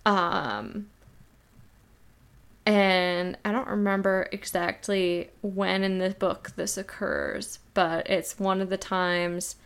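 A woman's voice: medium pitch, flat delivery, slow pace, creaky, smooth. A woman co-hosting a casual book discussion, rambling with many fillers and restarts. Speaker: podcast co-host.

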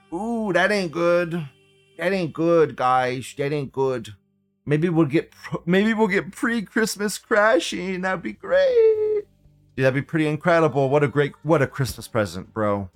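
Animated, profane man hosting a live show. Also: fairly high pitch. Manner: profane, excitable, rambling. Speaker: livestream host. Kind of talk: live show commentary reading forum posts.

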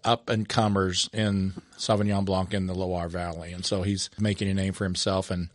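A man's voice: sits low, little pitch movement, normal speed, no room sound. A man hosting a podcast and leading a wine tasting in easy, casual talk. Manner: leads the tasting, describing the wine. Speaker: podcast host.

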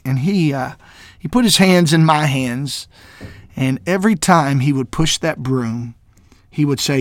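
A man from Mississippi who serves as a minister, sharing a personal testimony in a halting way, with many fillers and restarts, and growing emotional and tearful at times. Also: medium pitch, no echo, studio quality.

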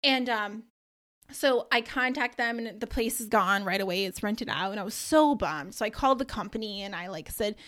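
A young adult woman hosting a faith-based podcast, telling a personal story in a casual, animated way with many fillers, then preaching with growing energy. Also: mid-range voice, normal speed. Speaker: podcast host and career coach.

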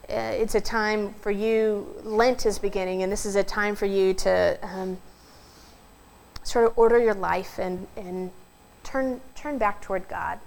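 A woman pastor preaching a sermon, telling stories in an earnest way and slowing down for emphasis. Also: mid-range voice, fairly even intonation, creaky, darkish tone, poor audio. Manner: storytelling, earnest, slows for emphasis.

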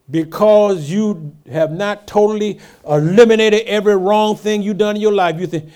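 A male pastor preaching a sermon, throwing rhetorical questions at the congregation and swinging from hushed asides to loud emphatic lines. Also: high-pitched, measured pace.

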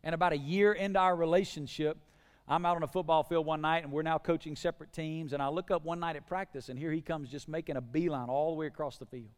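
A man preaching a sermon as pastor, emphatic, moving between hushed passages and loud, repeated lists. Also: fairly high pitch, steady tone, fast talker, smooth, big-room sound.

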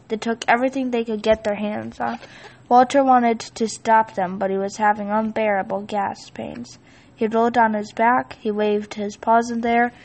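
High, gravelly woman reading a storybook. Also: rough recording. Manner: steady, expressive read-aloud delivery. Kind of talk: reading a children's picture book aloud.

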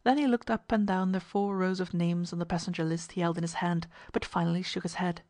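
Woman reading a story out loud, steady pace, dry close mic. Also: on the low side, a little fast, no room sound. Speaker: narrator. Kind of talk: scripted story narration.

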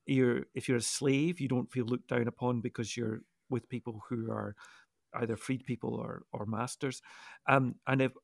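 A man with a gravelly, fry-touched voice lays out his ideas in an unhurried, explanatory way. He often restarts mid-sentence as he thinks. The sound is dry and close. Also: mid-range voice, fairly even intonation, dry recording. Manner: thoughtful, explanatory, with frequent restarts. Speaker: co-host of a Bible discussion podcast. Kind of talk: casual discussion.

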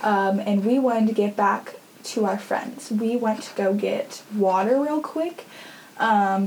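A woman's voice: medium pitch, a little mellow, a little hiss or hum, poor audio. A young woman hosting a podcast, telling a story in a chatty, casual way full of fillers and laughter. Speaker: podcast host.

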